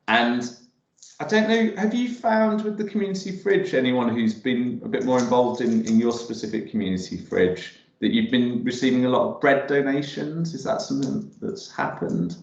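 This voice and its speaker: A man's voice: mid-range voice, very animated, normal speed. A man hosting an online cooking workshop, talking casually and rambling with many ums and restarts while he cooks in a home kitchen on a video call. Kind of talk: casual live cooking demo talk. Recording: roomy, dull video call audio.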